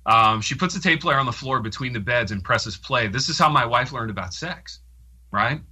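A man with an intensely bright, tense-edged voice. He co-hosts a podcast, spinning an anecdote in loose, animated chat with self-deprecating asides. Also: mid-range voice, normal speed, slightly rough. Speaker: podcast co-host. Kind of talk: casual podcast storytelling.

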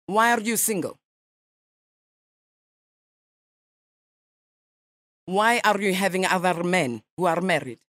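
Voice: mid-range voice, animated, normal speed, fairly bright tone, no echo, clean studio sound, lightly acted. A radio host on a prank call, voicing a pushy, prying fake Russian gossip journalist with a put-on Russian accent and mocking questions. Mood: accusing.

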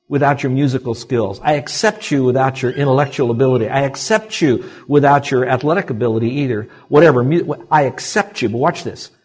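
A male pastor preaching a sermon to his congregation, swinging between loud exclamations and quiet asides. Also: mid-range voice, slightly rough. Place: church sanctuary.

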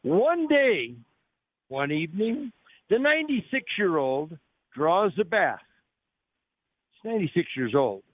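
A radio host broadcasting live on location sells a restaurant with upbeat, joking patter. He speaks high and sing-song, unhurried, leaving long pauses, and the audio is dry and narrow like a phone.

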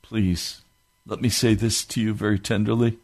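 A man's voice: lowish voice, little pitch movement, a little fast, darkish tone. Man, preacher, sermon, impassioned, fervent outbursts, from the US.

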